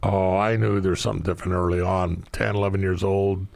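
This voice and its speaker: Gravelly-voiced man telling blunt stories. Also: sits low, flat delivery, fairly quick, a little mellow. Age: middle-aged. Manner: blunt, profane storytelling with laughing asides. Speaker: podcast guest. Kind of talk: casual podcast storytelling.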